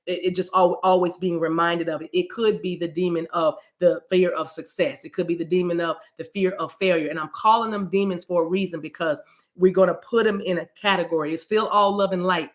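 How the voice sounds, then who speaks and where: A spiritual card reader talks through a casual message at a mid pitch. The delivery wanders, with words repeated and sentences restarted, and scripture quoted loosely. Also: steady tone, fairly quick.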